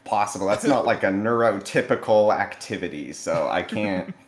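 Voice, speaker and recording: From a sparsely furnished place he has just moved into, a man with a fairly low voice roasts someone over a video call at a moderate pace. The room echoes as he delivers sarcastic, mock-earnest jokes and pokes fun at himself.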